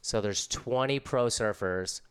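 A man's voice: medium pitch, unhurried, a bit bright, smooth. A middle-aged man casually telling a story in laid-back, slangy surfer talk.

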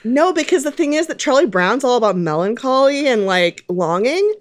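A woman's voice: high voice, big pitch swings, moderate pace, crowd noise. A woman co-hosting a casual comedy chat, laughing often and slipping into mock voices. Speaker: podcast co-host.

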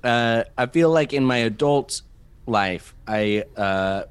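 A man's voice: medium pitch, slow pace, clean tone. A man hosting a casual podcast, laughing often and reading out trivia questions. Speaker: podcast host.

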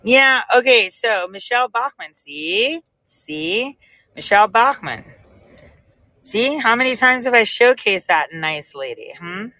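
A woman's voice: on the high side, a little slow, no room sound, rough recording. Rambling woman chatting to viewers. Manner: rambling, animated storytelling; speaks directly to viewers. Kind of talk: casual livestream chat.

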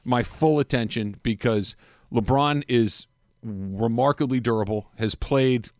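A man's voice: medium pitch, a little slow, no echo, studio quality. A man hosting a sports radio show, chatting casually and telling stories with frequent laughter. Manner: laughs often, animated storytelling. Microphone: studio microphone.

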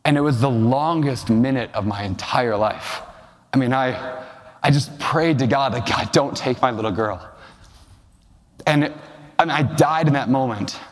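A real estate investor with a medium-pitched voice gives a storytelling keynote at a normal pace in a large hall. He shares emotional personal stories and puts questions to the live audience, with long hall reverb on the recording.

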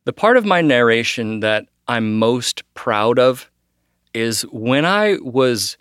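A man's voice: medium pitch, sing-song, slow pace, fairly bright tone, clear, resonant tone, no echo, clean studio sound. A man author talking in an earnest, reflective way. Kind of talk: casual talk.

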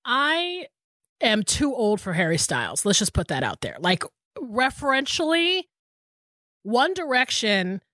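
A woman's voice: a little high, very animated, a little slow, bright, forceful tone, dry recording, clean studio sound. A woman in her thirties co-hosting a podcast, telling a story in casual chat with lots of "like" and some swearing. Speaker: podcast co-host.

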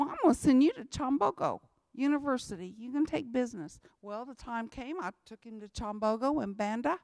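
Woman, church testimony speaker, emphatic and repetitive, slightly high, dry mic. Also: lively intonation, brisk, creaky, few pauses, a little mellow, dry recording. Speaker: missionary speaker.

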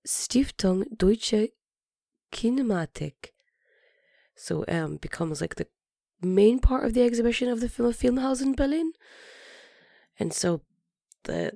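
A woman hosting a podcast, telling a story casually with lots of fillers, her voice gravelly from being sick. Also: medium pitch, mellow, no echo, studio quality. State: sick, hoarse. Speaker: podcast host.

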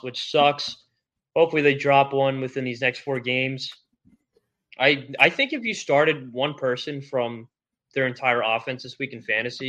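A man's voice: mid-range voice, bright, forceful tone. A man co-hosting a casual sports podcast, blunt and profane. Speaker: podcast co-host. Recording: slightly dull lo-fi sound.

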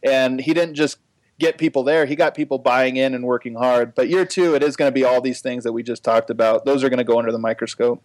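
A man's voice: medium pitch, fairly even intonation, fast talker, dry recording, rough recording. A man co-hosting a basketball podcast, giving casual analysis and thinking aloud with frequent restarts. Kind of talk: casual sports analysis chat.

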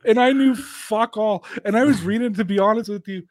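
A man telling stories as a podcast guest in casual chat, animated, swearing often and laughing a lot. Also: high voice, fairly quick, background noise.

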